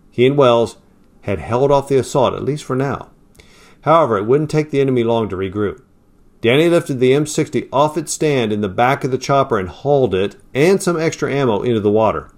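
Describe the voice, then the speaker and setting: A man reading a war story aloud as narrator, in a plain storytelling manner. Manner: raises pitch and volume for quoted lines, drops low and quiet for tags.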